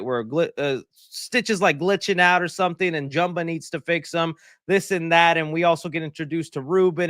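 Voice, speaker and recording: A man hosting a livestream, talking in a rambling, joking, animated way at his desk mic. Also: on the high side, no room sound, studio quality. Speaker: livestream host. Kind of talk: casual livestream chat.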